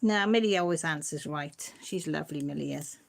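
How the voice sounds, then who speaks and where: A middle-aged woman with a low voice and vocal fry hosts a casual livestream on her channel, chatting briskly and teasing as she answers viewer comments.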